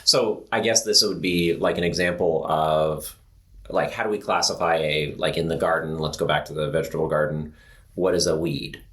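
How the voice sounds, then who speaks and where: Casual podcast co-host, male, very low pitch, loose filler-heavy delivery. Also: steady tone, normal speed, a bit bright. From Pacific Northwest of the US. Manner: rambling, filler-heavy, laughs easily. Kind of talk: casual health podcast chat.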